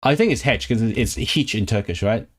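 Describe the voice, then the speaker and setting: This Hong Kong man has a voice on the low side and a moderate pace. Livestreaming for his chat as he learns a language, he sounds out words, repeats them, and openly corrects himself.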